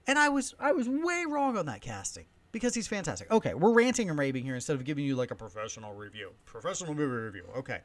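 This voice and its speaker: A man in his thirties or forties hosting a podcast, ranting excitedly in a movie review, swinging between loud emphasis and soft asides. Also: very high-pitched. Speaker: podcast host, film reviewer.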